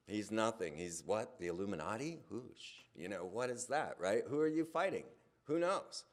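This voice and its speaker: A man speaking in a casual, animated monologue, his voice climbing higher and louder when he gets worked up. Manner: animated storytelling, voice rising when excited. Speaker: speaker on a hypnosis channel.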